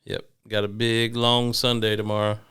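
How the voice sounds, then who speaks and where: A man co-hosting a podcast in casual, laid-back chat, tossing in quick agreeing remarks. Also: lowish voice, monotone, fairly bright tone, clear, resonant tone. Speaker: podcast co-host.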